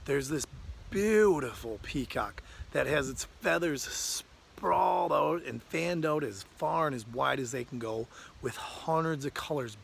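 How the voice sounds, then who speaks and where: A man's voice: on the high side, animated, a little slow, creaky, slight background noise. A man telling a fable in a casual, conversational way, ending with a moral. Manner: conversational, uses "like" often. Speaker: storyteller.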